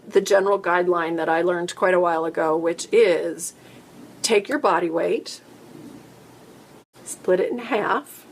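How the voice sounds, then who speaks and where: A woman's voice: fairly low pitch, slight background noise. A woman hosting a casual live-stream chat, answering viewer questions in a rambling, chatty way that often breaks off mid-sentence. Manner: chatty, rambling, self-interrupting.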